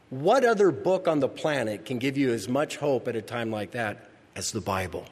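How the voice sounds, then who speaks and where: A man preaching a sermon as pastor. He is emphatic, repeats key phrases and builds to loud peaks. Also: mid-range voice, animated, moderate pace. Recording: long reverb of a large hall.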